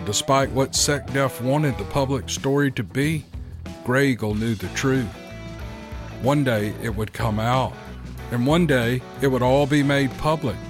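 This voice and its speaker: A man reading a story aloud as a narrator, in a steady, measured manner. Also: mid-range voice, over music. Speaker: audiobook narrator. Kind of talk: scripted narration.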